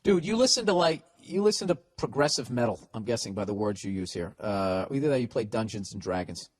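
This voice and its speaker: A man's voice: on the low side, animated, a little fast, no room sound. A man with a Boston accent hosting a podcast, reading listener mail aloud and mocking it with sarcastic, profane, incredulous remarks. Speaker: podcast host.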